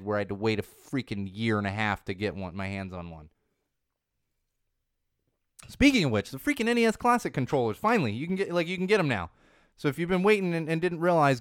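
A man's voice: medium pitch, smooth, dry recording, clean studio sound. A man in his thirties hosting a casual chat, ranting in a profane, opinionated way with lots of fillers, his voice a little worn from a cold. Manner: animated, profane and opinionated, with many fillers and restarts. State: voice going, getting sick. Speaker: podcast host.

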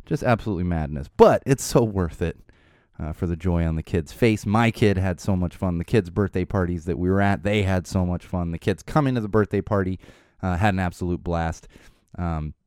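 A man's voice: deep voice, brisk, a little mellow, clean tone, dry recording, studio quality. A man in his thirties from the Los Angeles area hosting a podcast, talking in a rambling, casual way with lots of fillers, laughs and the odd swear word. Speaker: podcast host. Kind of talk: casual chat. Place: studio.

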